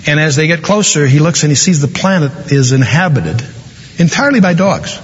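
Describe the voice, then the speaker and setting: A man's voice: fairly high pitch, very animated, breathy edge. Man preaching, storytelling sermon, long hall reverb, dull lo-fi sound. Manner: storytelling, dramatic slowdowns for emphasis. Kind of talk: sermon with a told joke.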